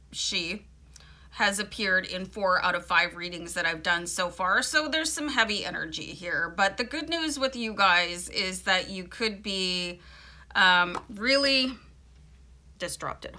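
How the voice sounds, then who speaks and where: A woman's voice: on the low side, animated, measured pace, pushed and bright. A woman giving a casual, chatty tarot reading, informal and playful, with frequent fillers and asides. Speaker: tarot reader.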